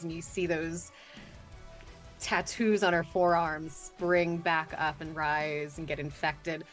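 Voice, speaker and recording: Woman, tabletop player, low voice, slow unhurried delivery, faint music behind. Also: little pitch movement. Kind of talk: tabletop role-play.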